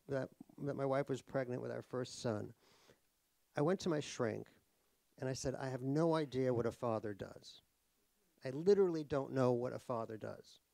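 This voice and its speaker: A man's voice: medium pitch, creaky, warm tone, dry recording. A middle-aged American man from New York, speaking as an author at a live talk, joking wryly at his own expense with many restarts. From New York, USA. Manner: wry and joking, self-mocking, many restarts. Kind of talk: casual conversation on stage. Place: cultural center event hall.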